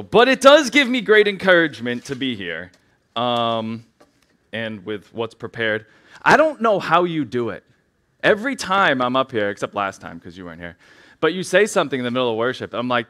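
A man in his thirties with a bright, forward voice talks from the pulpit in a loose, chatty way, leaning on fillers and poking fun at himself. His nerves show as he rambles toward his sermon. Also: medium pitch, very animated, fairly quick. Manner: chatty, rambling, self-deprecating, many "like" fillers. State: nervous. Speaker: church speaker. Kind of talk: casual sermon opening. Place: church sanctuary.

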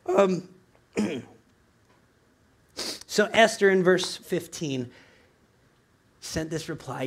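A male pastor delivers a sermon in a church, talking casually rather than orating. His voice sits slightly above the usual male register, and he keeps checking in with listeners through quick rhetorical questions and asides. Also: a little high, lively intonation, slightly rough.

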